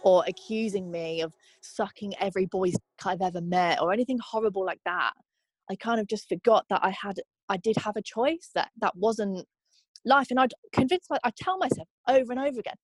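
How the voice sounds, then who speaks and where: A young woman telling her own story in a candid, halting way, full of fillers. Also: mid-range voice, dry recording. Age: young adult. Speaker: interviewee. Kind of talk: personal testimony.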